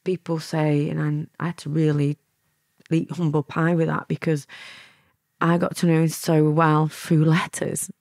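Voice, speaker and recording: A woman's voice: deep voice, flat delivery, measured pace, vocal fry, a little mellow, no echo. Chatty Lancashire woman, dry close sound. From England. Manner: chatty, laughing, acts out quotes. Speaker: guest. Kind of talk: candid storytelling interview.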